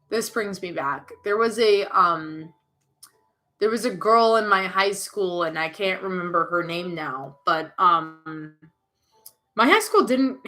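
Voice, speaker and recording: A woman's voice: medium pitch, fairly bright tone. A young woman streamer who makes jokey, jumpy commentary as she plays a horror game.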